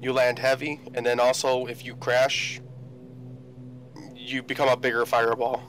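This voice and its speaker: A man's voice: medium pitch, little pitch movement, normal speed, fairly bright tone, slight background noise, poor audio. A man from the Chicago area chatting casually on a flight sim stream, dry and fond of telling stories. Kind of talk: casual chat.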